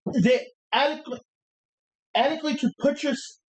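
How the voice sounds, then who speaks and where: A woman's voice: high-pitched, moderate pace, voice pushed up, lightly acted, poor audio. A woman doing a cocky male wrestler's taunting promo. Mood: defiant. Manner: taunting, cocky, stumbling over words while reciting. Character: brash male pro wrestler cutting a defiant promo. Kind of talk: re-enacting a wrestling promo on a livestream.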